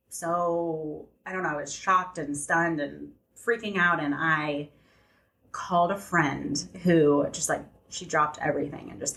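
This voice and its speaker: Young woman on a podcast, pretty low voice, talks candid and chatty with tons of likes. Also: creaky, fairly bright tone. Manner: candid, with many "like" and "you know" fillers. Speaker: podcast guest. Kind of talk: personal storytelling in conversation.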